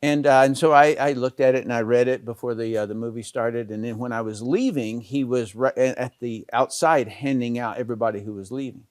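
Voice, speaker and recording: A man's voice: mid-range voice, steady tone, fairly quick, few pauses, darkish tone, no room sound, clean studio sound. A middle-aged man giving a casual network marketing talk, storytelling with many fillers and restarts.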